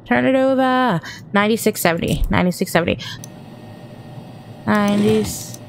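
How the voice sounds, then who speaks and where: A woman's voice: medium pitch, normal speed, vocal fry, a little hiss or hum. Jumpy woman narrating a horror game. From Texas. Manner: chatty, thinks aloud, jumpy and easily startled. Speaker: gaming streamer. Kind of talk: horror game let's-play commentary.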